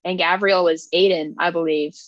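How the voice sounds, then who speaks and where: A woman's voice: fairly low pitch, fairly even intonation, moderate pace, no echo, dull audio. A young woman co-hosting a casual book podcast, retelling scenes in a gushing, emotional way with lots of fillers. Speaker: podcast co-host.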